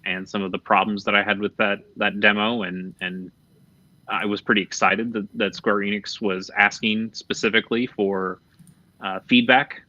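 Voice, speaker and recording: A man's voice: fairly low pitch, little pitch movement, normal speed, bright, forceful tone, no echo. A man hosting a casual gaming podcast, speaking candidly, swearing freely and trailing off mid-thought. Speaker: podcast host. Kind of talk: casual chat about video games. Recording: dull, slightly lo-fi podcast audio.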